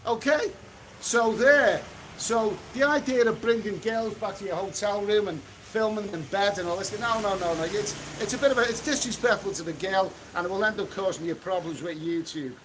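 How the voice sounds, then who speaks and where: A middle-aged man with a fairly high voice chats bluntly through a street livestream, answering viewers as he goes. Faint traffic hums behind him in the open air, and he snaps quickly at anyone who needles him. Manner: blunt, chatty, quick to snap at trolls. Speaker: travel vlogger reading live chat. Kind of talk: casual livestream chat. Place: outdoors on a city street.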